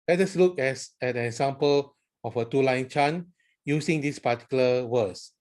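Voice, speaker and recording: A man who is a priest, explaining how to chant psalms in a slow, careful teaching style. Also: medium pitch, darkish tone. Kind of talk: instructional talk with sung chant examples.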